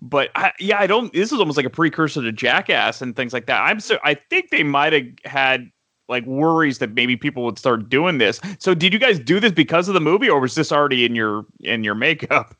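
A man's voice: on the high side, lively intonation, brisk, pushed and bright, no room sound. A man chatting casually about a movie, agreeing and laughing along. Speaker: podcast co-host.

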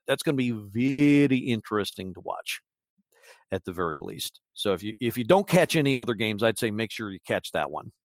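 A man's voice: lowish voice, expressive, brisk, no room sound, studio quality. A man hosting a casual sports podcast, rambling and wry with lots of fillers. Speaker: podcast host.

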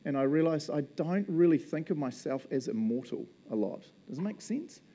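A man's voice: fairly high pitch, lively intonation, normal speed, mellow. A man with a New Zealand accent preaching a casual, conversational sermon, chatty and joking as he talks. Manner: chatty, joking, often laughing.

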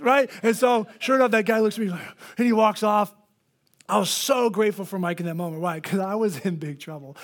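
A man preaching a sermon as pastor, telling a story and acting out the people in it with lively energy. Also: high-pitched, fairly quick. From Florida. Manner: animated, acts out the people in his stories.

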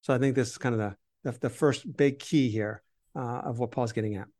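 A man's voice: medium pitch, brisk, darkish tone. A man co-hosting a Bible podcast, explaining scripture in conversation and reading verses with emphasis.

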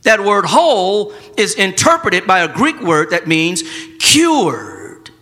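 High, animated preaching man. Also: slow pace, in a large hall. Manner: dramatic swings from quiet to shouting. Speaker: pastor. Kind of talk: sermon.

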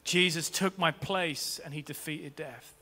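A man's voice: fairly high pitch, unhurried, bright, forceful tone. A man preaching a sermon as pastor in a church, rousing and rhythmic, calling his congregation to respond. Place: large church. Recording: long reverb of a large church hall.

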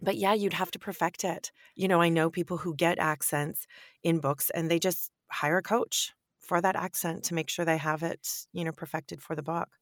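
A woman who narrates audiobooks, answering interview questions in an animated, emphatic way and laughing often. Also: on the low side, normal speed, dry recording, clean studio sound.

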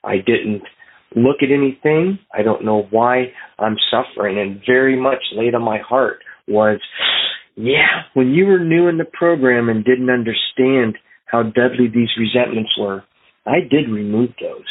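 A man's voice: medium pitch, a little slow, husky. A man hosting a phone meeting, telling an earnest personal recovery story and acting out his own thoughts. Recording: tinny phone line.

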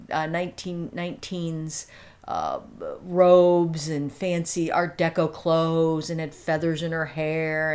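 A woman telling a story in casual conversation as an interview guest. She rambles, restarts sentences and adds asides, and turns animated and amused at times. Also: low voice.

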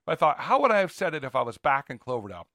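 A man from Northern California co-hosting a podcast, telling stories in an animated, rambling way. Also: medium pitch, racing, dry recording, studio quality. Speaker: podcast co-host. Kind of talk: casual chat.

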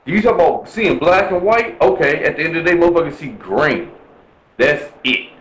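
A man's voice: fairly high pitch, lively intonation, normal speed, fairly bright tone, reverberant, rough recording. A man from Milwaukee talking bluntly and profanely in a casual chat, ranting with lots of swearing. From Milwaukee, USA.

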